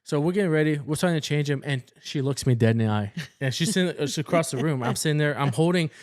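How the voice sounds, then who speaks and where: A man's voice: a little high, quick pace. A young man, a nurse co-hosting a podcast, telling a work story in casual chat and acting out the people he quotes. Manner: animated, acts out quoted people. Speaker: podcast co-host, ICU nurse.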